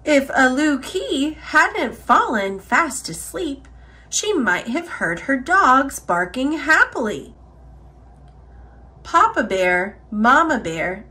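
A woman reading a children's picture book aloud, expressive and unhurried. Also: high-pitched. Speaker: storyteller.

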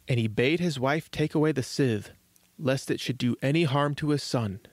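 Man, storybook narration, children's podcast host, measured gentle reading, mid-pitched, dry close sound. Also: no room sound.

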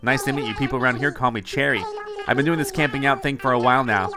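A man's voice: mid-range voice, fast talker, natural voice. A man reading the lines of an upbeat young female dog camper in a mobile game, friendly and brash, with a repeated "what, what?". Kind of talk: reading game dialogue aloud.

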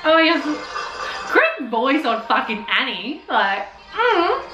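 A young woman hosting a reaction video, talking back at the screen with lots of swearing and excited outbursts. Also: sits high, a little slow, lo-fi sound, music in the background. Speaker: reaction channel host. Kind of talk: casual reaction commentary. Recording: roomy echo, TV sound under. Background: show audio playing from the TV.

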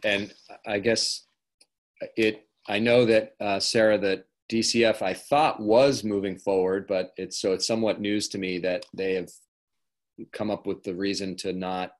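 A man's voice: lowish voice, steady tone, a little slow. A man who is a state senator answering at a virtual town hall, hesitant and full of fillers.

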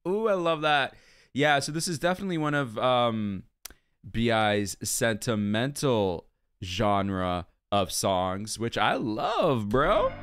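A man's voice: on the low side, slow pace, clean tone, no echo. A man hosting a music video reaction, talking casually and gushing about what he sees and hears. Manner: animated, gushing, hums along to the melody.

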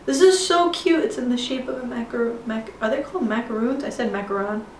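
A woman's voice: a little high, fairly quick, a little mellow, a little hiss or hum. A young woman chatting in a rambling way, with lots of "like" and "you know", as she shows beauty products, recorded indoors at home with rain outside. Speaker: beauty vlogger. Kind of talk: casual haul video chat. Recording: roomy sound from a distance from the mic. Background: heavy rain outside.

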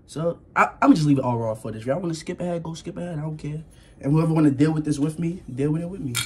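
A young man talking to his viewers in a casual vlog, nervous and rambling, with a slightly husky voice. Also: a little high, rapid-fire. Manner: nervous, jumpy, rambling, slangy, yelps and laughs. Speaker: vlogger.

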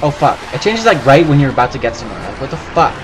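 Excitable, foul-mouthed gamer guy, lively pitch. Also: fast, noisy background. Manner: profane, excitable, yelps and laughs while playing. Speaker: gaming channel host. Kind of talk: let's play commentary.

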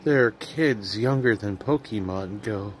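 A man rambles through a comedy vlog. He drifts between goofy jokes and quiet, soft-spoken asides. He talks at an unhurried pace over a faint background hum. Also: on the low side. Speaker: comedy vlogger.

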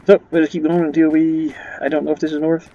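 A gaming channel host rambles and jokes through a spooky game in let's play commentary, laughing at his own nervousness. His voice is slightly high and mellow, level in tone and fast, with the highs cut off.

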